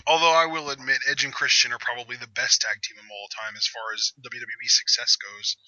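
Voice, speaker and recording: A man's voice: medium pitch, fairly even intonation, fairly quick, sharp tone, highs cut off, slight background noise. A young man hosting a live reaction chat who jabs at his co-host with dry, sarcastic teasing.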